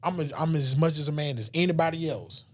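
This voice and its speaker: Speaking fast in a fairly high pitch, a male podcast guest recounts a personal story during a casual chat. His telling is heartfelt and emotional, occasionally falling to nearly a whisper.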